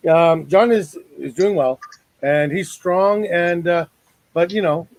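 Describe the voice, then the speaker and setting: A man's voice: sits high, slow pace, no echo, poor audio. A man hosting a casual online talk show over a video call, joking and rambling with lots of fillers.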